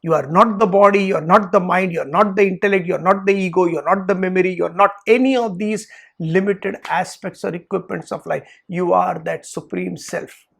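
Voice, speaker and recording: A man's voice: sits high, brisk, creaky, slightly rough, heavily acted. Man playing a stern scolding guru. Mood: proclaiming. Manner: loud, scolding, accusing. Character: stern accusing male spiritual teacher.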